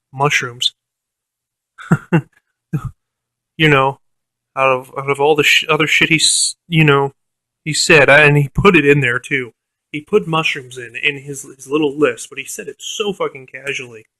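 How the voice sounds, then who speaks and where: A man's voice: mid-range voice, measured pace, long pauses, fairly bright tone, no room sound. A man casually telling a rambling, profane story about a tabletop game, full of fillers and restarts, and mimicking the game master. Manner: quotes the game master in a mocking voice. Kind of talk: casual anecdote.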